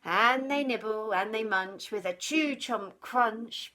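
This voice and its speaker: A woman teacher reading a children's storybook aloud, expressive and sing-song. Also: fairly high pitch, slow, hardly any pauses.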